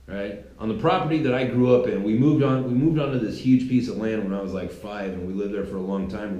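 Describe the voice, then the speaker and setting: A man's voice: medium pitch, dark tone. Emphatic man ranting in an echoey room. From California. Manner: emphatic, repetitive restarts. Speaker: political commentary show host. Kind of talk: opinionated monologue.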